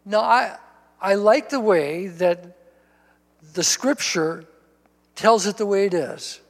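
A male pastor with a fairly high voice preaches in a church sanctuary, reading scripture aloud and turning it straight to his listeners. He repeats words for emphasis, and a long reverb from the hall trails behind each phrase. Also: slow, pauses often. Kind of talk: sermon.

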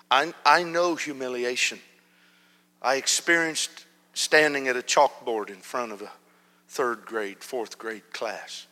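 A man preaching a storytelling sermon, dropping to a hush and then rising loud and animated. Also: mid-range voice. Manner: animated, swings from hushed to loud. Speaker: pastor. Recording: long hall reverb.

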